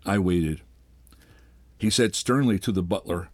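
An older man, reading a short story aloud in a measured, unhurried way. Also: deep voice, a little mellow, no echo. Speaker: host and reader. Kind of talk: literary reading.

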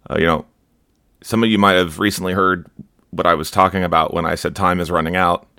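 Low-voiced guy preaching on his podcast, earnest and warning, lots of "you know", dry close sound. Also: sharp tone, dry recording. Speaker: podcast host. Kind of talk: informal preaching commentary.

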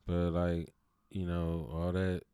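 A man's voice: low-pitched, completely flat delivery, slow pace, mellow, clear, resonant tone, no echo, clean studio sound. A man hosting his own show and talking in a casual, rambling monologue full of "you know" fillers. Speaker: show host.

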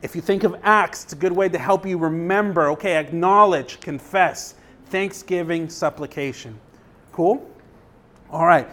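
A man's voice: fairly high pitch, a bit bright. A young adult man, a pastor, preaching a sermon in a conversational way, often checking in with the congregation and reading scripture aloud with rising emphasis.

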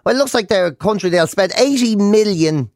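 A man's voice: high voice, animated, normal speed, dry recording, clean studio sound. An Irish man co-hosting a radio breakfast show, chatting casually and slipping into mock voices as he tells stories. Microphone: studio microphone.

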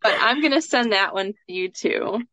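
A woman coaching a student live speaks with lively intonation at normal speed, her medium-pitched voice bright and forceful. As a scholarship coach she keeps it chatty and casual, full of "um" and "like." There's no echo, and the sound is dull lo-fi.

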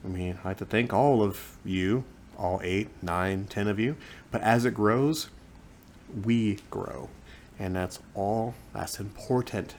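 A man in his forties with a fairly low voice, hosting a podcast from his couch at home. He talks close to the microphone in a joking, self-mocking way, jumping from loud bursts to quiet asides. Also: slow, slight background noise. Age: 40s. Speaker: podcast host. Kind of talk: casual comedic monologue. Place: living room at home, on a couch. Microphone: microphone close in front of his face.

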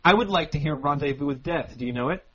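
A man's voice: fairly high pitch, fast talker, pushed and bright, breathy edge, dry recording, highs cut off. A man co-hosting a podcast, chatting casually, enthusiastic and pushy, swearing freely. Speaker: podcast co-host. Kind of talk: casual chat.

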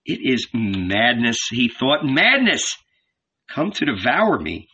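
A man's voice: medium pitch, sing-song, slow, sharp tone, breathy edge, full character voice. A man voicing a frightened, trembling young man who pleads fearfully, on a dull lo-fi recording.

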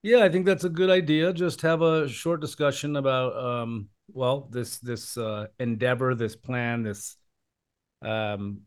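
A man's voice: medium pitch, steady tone, measured pace, clean tone. Male podcast co-host, mid-range voice, hesitant, plenty of ums as he hunts for words. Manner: hesitant, searching for words with many fillers. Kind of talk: casual conversation.

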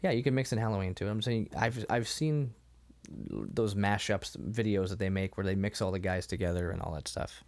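A man's voice: lowish voice, expressive, moderate pace, vocal fry. A man co-hosting a podcast in casual chat, who laughs often and acts out the lines of the people he talks about. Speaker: podcast co-host.

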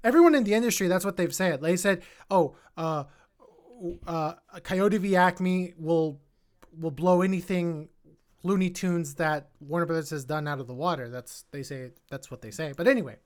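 A woman hosting a casual film podcast, talking animatedly and repeating words when she gets excited. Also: on the low side, moderate pace. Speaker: podcast host.

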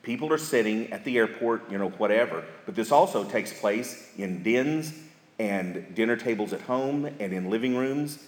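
A man's voice: lowish voice, lively intonation, moderate pace. Folksy man in an echoey hall. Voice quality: folksy, storytelling with emphatic repetition. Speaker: marriage seminar speaker. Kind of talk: church seminar talk. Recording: echoey hall with live audience.

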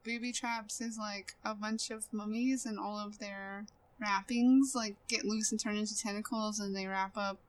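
A woman's voice: medium pitch, steady tone, moderate pace, a little hiss or hum. A woman in casual chat who giggles and echoes her friend's lines.

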